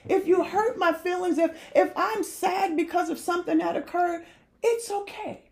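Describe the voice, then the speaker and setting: A woman leading a heartfelt faith-based discussion, talking earnestly with a preacher-like cadence and drawn-out emphasis. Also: very high voice.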